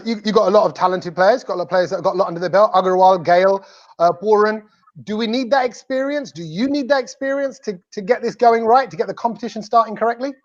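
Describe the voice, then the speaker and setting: Playful male host, high voice, lo-fi call audio. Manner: jokey, playful, stumbles over words. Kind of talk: casual fan chat.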